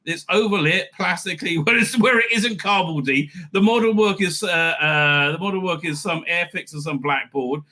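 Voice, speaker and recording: A man's voice: high voice, normal speed, few pauses. A man hosting a review show, giving opinionated commentary full of fillers, restarts and sarcastic asides. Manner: animated, many fillers and restarts.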